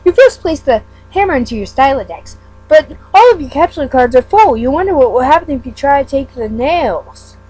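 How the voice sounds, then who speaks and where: A woman's voice: sits high, expressive, a little fast, warm tone, soft background music, low-quality recording. A woman giving a casual read-aloud of a webcomic. She stumbles over words and breaks off into self-mocking asides. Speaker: fan reader.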